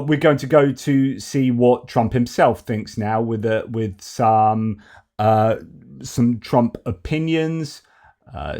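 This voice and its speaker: A man's voice: medium pitch, a little mellow. A man giving casual political commentary, chatty, with many fillers and restarts.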